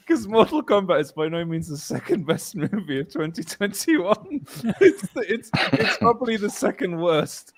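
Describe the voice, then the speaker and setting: Man, lively rising voice, stammering rants, laughing a lot, dry close mic. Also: sits high, moderate pace, few pauses, no echo. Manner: animated ranting with frequent laughter, stammering restarts. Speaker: co-host. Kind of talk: casual live show banter.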